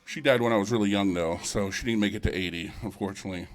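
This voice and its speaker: A man's voice: on the low side, fast talker. A man doing a stand-up comedy set at a live show, crude and rambling, teasing the crowd.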